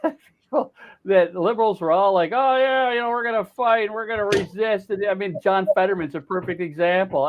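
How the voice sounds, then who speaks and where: A man's voice: high voice, phone-quality sound, slight background noise. An older man talking politics in a blunt, profane rant, with many restarts and repeated words. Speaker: political commentator. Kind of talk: heated political chat.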